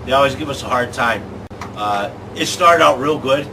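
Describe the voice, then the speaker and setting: A man hosting a comic sports show, talking in excitable rants. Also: medium pitch, moderate pace. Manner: excitable, ranting. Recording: distant mic with clear background noise.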